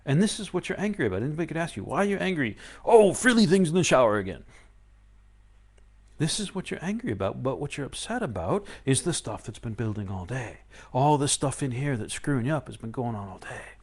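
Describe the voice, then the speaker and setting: A man's voice: medium pitch, big pitch swings, quick pace, few pauses, darkish tone, slightly rough. A man speaking firmly and earnestly to a live online audience as a spiritual teacher, acting out people's inner voices with rising emphasis.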